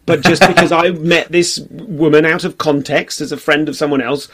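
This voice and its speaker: A man's voice: on the high side, steady tone, normal speed, a bit bright. A man in his forties, a comedian on a podcast, chatting casually in a rambling, self-deprecating way and briefly acting out the voices of people he quotes.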